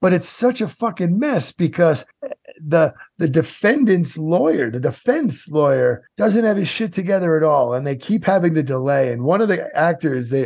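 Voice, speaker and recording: A man's voice: fairly high pitch, a little mellow, dry recording, clean studio sound. A man co-hosting a casual podcast who explains things bluntly and swears freely. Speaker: podcast host.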